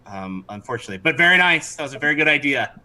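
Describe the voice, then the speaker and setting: Game master, male, forceful bright voice, lively narration of a tabletop game. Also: medium pitch, racing. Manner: animated, laughing, stops to correct himself.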